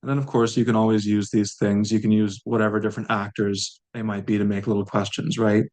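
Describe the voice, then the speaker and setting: A man's voice: on the low side, flat delivery, brisk, darkish tone. A man teaching a language lesson, saying each word aloud and repeating it patiently for learners.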